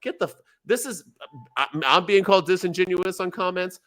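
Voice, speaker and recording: A man co-hosting a casual podcast, talking in an animated, profane rant. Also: high voice, fairly quick. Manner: animated, profane, ranting, mocks others in quoted voices. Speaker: podcast co-host. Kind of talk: casual chat.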